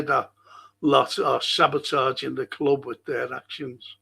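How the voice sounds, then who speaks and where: Male fan stream host, husky and slow, sweary rambling rants. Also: mid-range voice, fairly even intonation, pushed and bright. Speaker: football fan show host. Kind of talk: ranting live-stream monologue.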